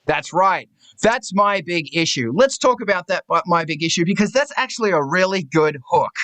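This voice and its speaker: A man on a video call talks in a bright, forceful voice that sits a little high for a man. His talk is blunt and full of swearing, and it rambles through self-mocking asides. The sound is dry and close, with no room echo. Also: animated, normal speed. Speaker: host of artists' talk stream. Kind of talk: casual group video chat.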